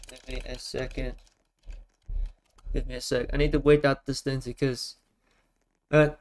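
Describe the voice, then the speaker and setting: A man talking casually on a live stream while gaming, in a loud, projecting voice, often repeating himself for emphasis. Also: mid-range voice, clear, resonant tone, low-quality recording.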